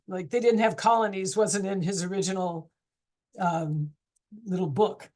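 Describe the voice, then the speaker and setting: A woman teacher leads a relaxed online class, talking through questions in an easygoing, encouraging way. Her voice sits at an ordinary middle pitch, and she keeps the discussion moving by asking her students things. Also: a little slow. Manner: chatty, encouraging, asks questions.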